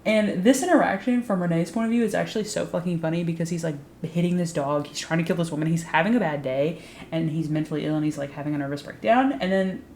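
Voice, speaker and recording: A woman's voice: sits low, fast talker, a little mellow, echoey room, a little hiss or hum. Sarcastic, foul-mouthed woman recapping a show. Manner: sarcastic, profane, frequent "like" fillers. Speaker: YouTube recap host. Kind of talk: casual recap commentary.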